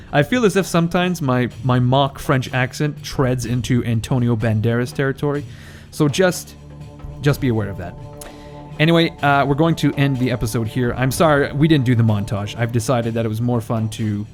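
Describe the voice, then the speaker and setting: A man's voice: medium pitch, a little mellow. Wry joking male game commentator. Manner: joking, chuckling, wry asides. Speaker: gaming commentator. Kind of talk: casual let's play commentary.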